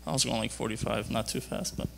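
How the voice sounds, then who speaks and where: A young man giving a rambling personal testimony at a church youth conference, halting and full of fillers and restarts. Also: mid-range voice, fairly even intonation, vocal fry. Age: young adult.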